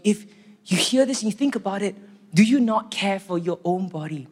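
A man's voice: high-pitched, lively intonation, moderate pace, a little mellow. Man preaching in an echoey hall. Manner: earnest, conversational preaching with acted-out quotes. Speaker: pastor. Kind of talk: sermon.

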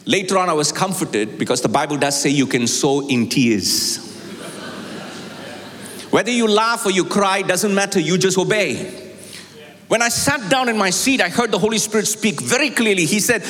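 Male pastor, fairly high voice, preaching in a church hall with long echo, shifts between hushed storytelling and soaring passion. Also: expressive, moderate pace. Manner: storytelling preacher, swings from low confiding to high impassioned. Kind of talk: sermon.

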